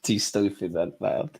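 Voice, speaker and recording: A man's voice: fairly low pitch, creaky, breathy edge. A young man with a London accent hosting a live football watch-along. He chats and banters with viewers in slang-heavy, playful talk. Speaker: streamer host.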